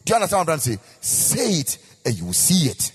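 A man's voice: on the high side, wildly swooping pitch, quick pace, husky, faint music behind. A man with a Ghanaian accent preaching a sermon as pastor, with a sing-song, repetitive delivery. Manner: preaching with sung, rising and falling emphasis and repetition. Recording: echoey hall with long reverb.

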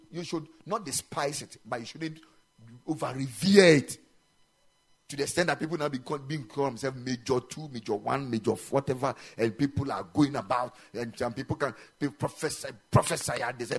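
A man preaching a sermon in a chapel, animated and emphatic, mixing in local-language phrases. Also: mid-range voice, fairly quick, breathy edge. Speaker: pastor.

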